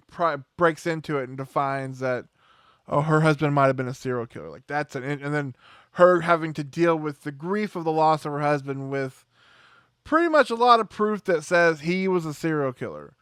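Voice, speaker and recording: A man's voice: fairly high pitch, a bit bright, clear, resonant tone, no echo, clean studio sound. A man hosting a movie review show in casual chat, rambling and sarcastic, acting out scenes in little voices.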